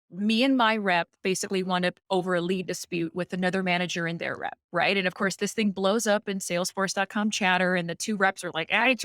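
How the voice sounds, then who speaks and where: Woman executive, podcast guest, mid-range voice, lively storyteller, dry close sound. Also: mid-range voice, no room sound. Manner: animated, acts out quoted dialogue. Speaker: guest, company president.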